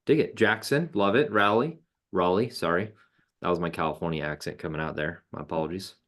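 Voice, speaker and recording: Man, webinar host, low-ish voice, laid-back, joking, slangy, video call. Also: animated, quick pace. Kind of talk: casual presenting.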